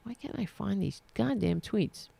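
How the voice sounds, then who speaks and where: A woman's voice: mid-range voice, measured pace, vocal fry, dark tone, breathy edge. A woman hosting her own political commentary show, ranting angrily with sarcasm and plenty of swearing. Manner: profane, sarcastic and indignant. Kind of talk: angry political rant to camera.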